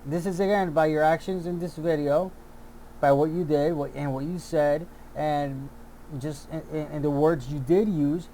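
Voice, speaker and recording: A man's voice: a little high, steady tone, moderate pace, warm tone, a little hiss or hum. A man delivering a heated, profane commentary rant, often repeating himself and restarting his sentences. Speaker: YouTube commentator. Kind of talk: angry ranting commentary.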